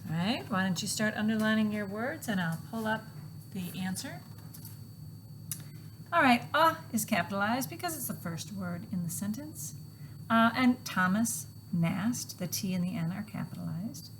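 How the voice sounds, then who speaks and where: A woman teacher walking students through a grammar worksheet, patiently explaining and reading examples aloud slowly. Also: mid-range voice, animated, a bit bright, a little hiss or hum, low-quality recording.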